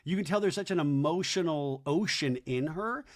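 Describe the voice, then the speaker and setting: A man hosting a podcast, recapping a reality show with gossipy jokes and asides. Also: a little high. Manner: gossipy, joking, quick asides. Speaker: podcast host.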